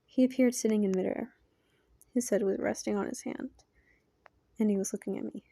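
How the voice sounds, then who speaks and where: A woman reading a fan story aloud in a quiet, soft-spoken voice that often drops into a half-whisper. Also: medium pitch, fairly even intonation, fairly quick, creaky, no room sound. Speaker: fan fiction reader.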